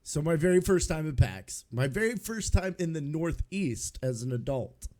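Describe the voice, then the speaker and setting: A man's voice: on the high side, animated, normal speed, dark tone. A man from the American South, a guest on a podcast, chatting casually and rambling with lots of likes and ums. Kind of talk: casual chat.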